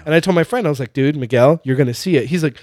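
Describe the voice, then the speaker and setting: A man telling a story in casual chat, animated and laughing often as he mimics his dad. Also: a little high, rapid-fire, no room sound, studio quality.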